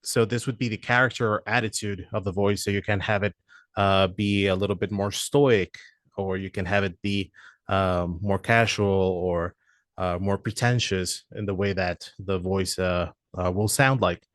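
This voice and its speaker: A product presenter with a fairly low voice walks through software features hesitantly, pausing on many "uh" fillers between phrases. His intonation stays fairly even, and the dry, close recording has no echo and little sense of a room.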